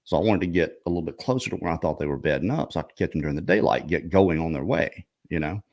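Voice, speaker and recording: A male show host in casual storytelling chat, rambling with restarts and clearing his throat often. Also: rumbling low, expressive, fast talker, darkish tone.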